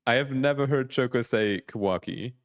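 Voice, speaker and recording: A young man streaming live, chatting casually, excitable and laughing often as he reacts to chat. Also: mid-range voice, normal speed. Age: young adult.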